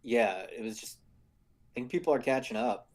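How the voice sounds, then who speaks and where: A man co-hosting a podcast, relaxed, talking about listener votes and downloads. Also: medium pitch, moderate pace. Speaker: podcast co-host. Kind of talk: casual podcast chat.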